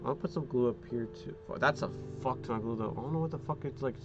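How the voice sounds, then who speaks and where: A man's voice: medium pitch, quick pace, highs cut off, music in the background. A man streaming from home, chatting casually while he glues a model kit, rambling and swearing often with lots of fillers.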